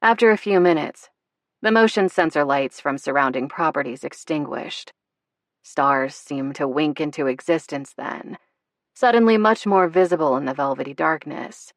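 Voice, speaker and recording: A woman reading a romance audiobook in an expressive, measured storytelling manner. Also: low-pitched, dry recording, clean studio sound. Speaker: audiobook narrator. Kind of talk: scripted narration.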